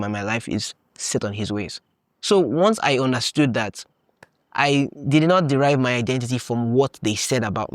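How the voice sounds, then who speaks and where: A young man from Nigeria hosting a podcast, telling stories in a casual, animated way, laughing often and acting out his own past thoughts. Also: mid-range voice, no echo, studio quality. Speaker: podcast host. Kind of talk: casual storytelling monologue.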